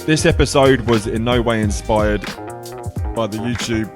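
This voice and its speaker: A man's voice: lowish voice, normal speed, music in the background. A man rambling through a jokey improvised freestyle rap, his mouth burning from spicy food. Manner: rambling, jokey, breathless rhyming.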